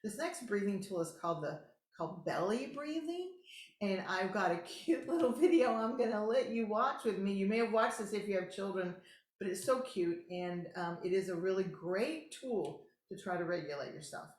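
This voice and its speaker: Woman, calm instructive teaching voice, middle pitch, echoey room. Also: moderate pace. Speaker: host. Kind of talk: casual teaching talk. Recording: roomy echo.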